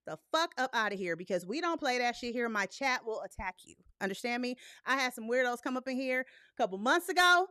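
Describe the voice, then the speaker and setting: A young woman hosting a live movie talk stream in casual, blunt, profane chat, animated and laughing often. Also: fairly high pitch, quick pace, no echo, clean studio sound.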